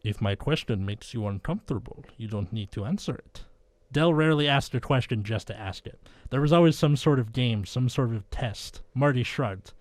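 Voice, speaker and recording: A young man reads fan fiction aloud for a comedy podcast, dry and deadpan, breaking into flustered laughs. His voice is close and dry on the mic, with no room sound around it. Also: medium pitch, normal speed, dry recording. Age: young adult. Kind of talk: comedic dramatic reading.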